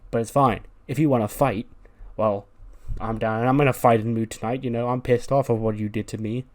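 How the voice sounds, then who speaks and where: A man's voice: mid-range voice, fairly even intonation, brisk, close to an everyday voice. A man voicing a brash female wrestling champ. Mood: fiery. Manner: trash-talking, swearing.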